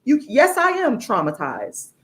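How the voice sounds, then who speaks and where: Woman, slightly high voice, outraged and profane, hammering points home with repetition; solo livestream rant. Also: huge pitch swings, a little slow, fairly bright tone. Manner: angry, profane and emphatic, repeating lines for force. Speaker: author and activist.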